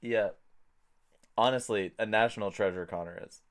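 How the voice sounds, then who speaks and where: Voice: medium pitch, moderate pace. A player in a tabletop game chatting casually, giggly and teasing.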